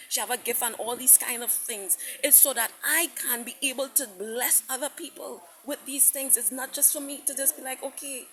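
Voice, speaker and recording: Impassioned higher-voiced woman preaching. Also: a bit bright, a little hiss or hum, low-quality recording. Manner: impassioned, repetitive, quotes God at length; restarts and stammers often. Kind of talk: recorded sermon message.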